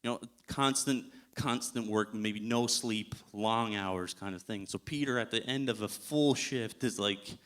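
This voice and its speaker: A man's voice: on the low side, a little slow, few pauses, fairly bright tone. Casual, chuckling male guest preacher. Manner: casual storytelling, chuckles often. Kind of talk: sermon. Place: church.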